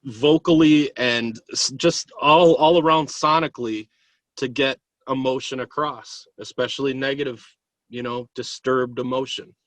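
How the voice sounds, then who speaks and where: A man, a podcast guest, chatting in a relaxed, jokey way. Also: medium pitch, a little slow, dry recording. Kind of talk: casual podcast chat.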